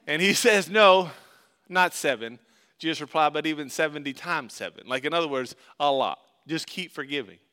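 A man preaching a sermon, reading scripture and explaining it earnestly, rising loud in the story and dropping soft on key points. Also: a little high, a little fast, few pauses, clear, resonant tone. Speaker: pastor.

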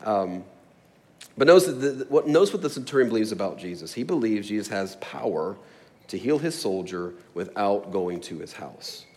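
A man's voice: lowish voice, lively intonation, moderate pace, a little mellow. A man preaching a sermon, explaining a scripture passage with storytelling and acted-out asides. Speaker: pastor.

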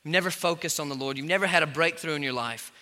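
A man preaches in a high, very bright, cutting voice, building to sudden loud bursts of emphasis. The sermon rings through a large church hall with a long reverb tail. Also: quick pace. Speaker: pastor.

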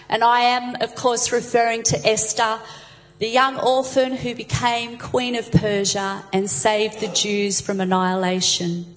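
A woman delivering a sermon, telling stories with lively voices for the characters. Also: fairly high pitch, long reverb tail, low-quality recording. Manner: animated storyteller, voices the jokes' characters. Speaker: preacher.

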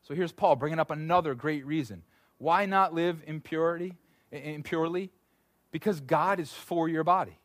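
A man in his thirties preaching a sermon in a lively, conversational way, full of asides and restarts. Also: on the high side, normal speed, no echo. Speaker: pastor.

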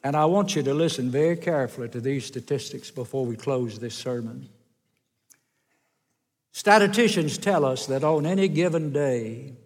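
A man preaching a sermon, telling folksy stories and swinging his voice up and down. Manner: folksy storytelling with wide swings in pitch and loudness. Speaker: pastor. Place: church sanctuary. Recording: long church hall reverb.

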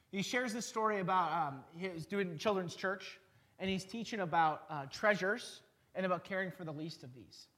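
A pastor delivers a conversational sermon, telling stories and pausing to let points land. His voice sits noticeably high for a man. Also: fairly bright tone. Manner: storytelling, conversational, pauses for emphasis.

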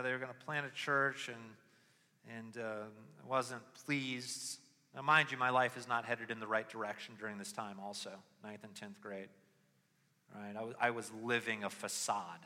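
A young adult man preaching a sermon with personal testimony, moving from quiet reflection to loud, impassioned pleading. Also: mid-range voice. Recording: long hall reverb.

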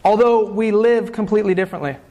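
A man's voice: sits high, fairly even intonation, fast, highs cut off. A male pastor preaching a sermon in a church, speaking in short phrases for an interpreter, with joking asides and tag questions. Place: church sanctuary.

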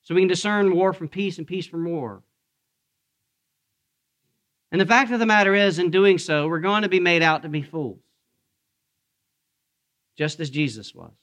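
A male pastor with a slightly higher-than-average voice delivers a sermon in a church, talking with his congregation rather than at them. He keeps throwing questions to the listeners and slips in jokes along the way. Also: normal speed, long pauses, fairly bright tone. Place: church sanctuary.

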